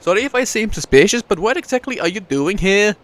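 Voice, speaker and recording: Tired, friendly, inquisitive village woman with a mock Welsh lilt; a man reads her, pitched up high. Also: expressive, fairly quick, a bit bright. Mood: chatty. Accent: put-on Welsh lilt. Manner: chatty, inquisitive.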